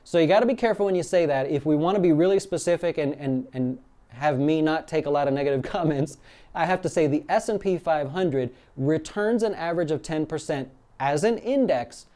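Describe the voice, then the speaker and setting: A man hosting a daily market update, talking casually and acting out quoted exchanges in an animated, fired-up way. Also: fairly high pitch, a little fast. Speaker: financial advisor hosting a daily market show. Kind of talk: casual live-stream commentary.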